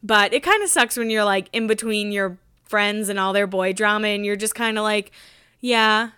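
A woman's voice: mid-range voice, fairly quick, sharp tone, smooth, no room sound, studio quality. A woman in her thirties hosting a podcast, chatting casually with giggly asides while getting over a cold. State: has a cold. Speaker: podcast host. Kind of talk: casual recap chat.

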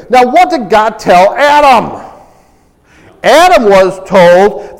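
A man's voice: high-pitched, sing-song, slow pace, big-room sound. A man preaching a sermon, dramatic and full of rhetorical questions. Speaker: pastor.

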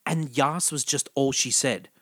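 A man's voice: mid-range voice, a little slow, no echo, studio quality. A man co-hosting a casual chat, telling stories with lots of energy, swearing and laughing. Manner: animated storyteller, swears, laughs easily. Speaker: podcast co-host. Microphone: studio microphone up close.

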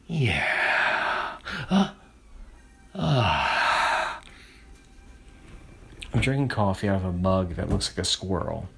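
A man hosting a rambling solo podcast monologue, swearing constantly and drifting between low mutters and loud outbursts. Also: breathy edge. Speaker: podcast host.

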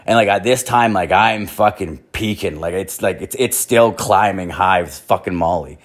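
Crude rambling young man, lower voice. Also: moderate pace. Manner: crude, filler-heavy, swears constantly. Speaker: storyteller. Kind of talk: profane rambling anecdote.

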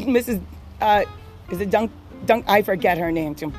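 A woman casually telling stories about her clinic job, animated and laughing, acting out the people she quotes. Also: mid-range voice, normal speed, soft background music. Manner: animated, acts out quoted patients, laughs often. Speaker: podcast host telling work stories. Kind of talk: casual storytelling chat.

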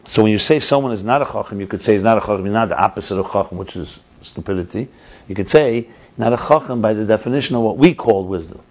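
A man's voice: on the low side, fast. Man explaining a text, lo-fi. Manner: explains step by step, reads passages aloud and glosses them, repeats himself. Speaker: teacher of a text class. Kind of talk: text study lesson. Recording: dull lo-fi recording.

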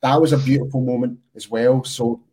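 A man's voice: medium pitch, level tone, fairly quick, mellow, slightly rough. A man co-hosting a casual sports podcast, rambling and restarting his thoughts as he goes. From United Kingdom. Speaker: podcast co-host.

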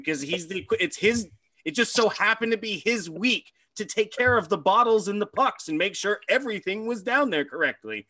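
Profane, bright-voiced man telling stories. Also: high voice, no room sound. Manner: profane, animated storytelling. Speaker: podcast co-host, former hockey player. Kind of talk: casual podcast chat.

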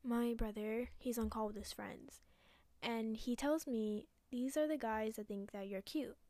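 A young woman talks straight into the mic in a casual solo podcast, angry and profane, often dropping into hushed, whispery asides. Her voice sits a little high, and the recording is close and dry, with no room sound. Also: fairly even intonation, unhurried, dry recording. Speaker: podcast host.

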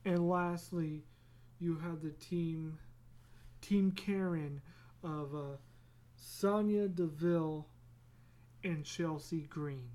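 A slow, unhurried podcast host who rambles along in a casual solo chat. The speaker laughs often, trips over and restarts words, and drops into quick silly voices. The pitch sits in an ordinary middle range. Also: dark tone.

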